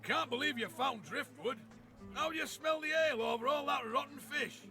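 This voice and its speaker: A man's voice: extremely high pitch, normal speed, gravelly, over music. An actor playing a cheery male dwarf in a game who cracks jokes and laughs at his own gags. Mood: jokey. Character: cheery joking male dwarf tavern-goer.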